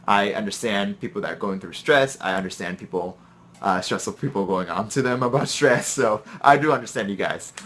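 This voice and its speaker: A man who is a chef and hosts his own vlog, telling rambling stories about work and then giving relaxed advice. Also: fairly low pitch. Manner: chatty, rambling, gives pep-talk advice. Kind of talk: casual storytelling and advice vlog.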